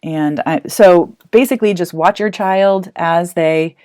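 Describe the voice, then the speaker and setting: Lower-voiced woman teacher, chatty. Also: a little slow, mellow. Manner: chatty and encouraging, thinks aloud. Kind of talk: explaining a math activity to parents.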